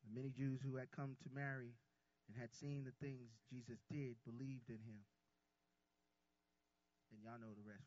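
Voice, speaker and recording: A man preaching a sermon, swinging from soft asides to loud cries and calling the congregation y'all. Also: medium pitch, level tone, moderate pace, long pauses, dull audio.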